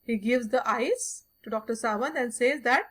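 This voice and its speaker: A woman's voice: on the high side, moderate pace. A woman teacher explaining a story to a class, repeating "okay" often.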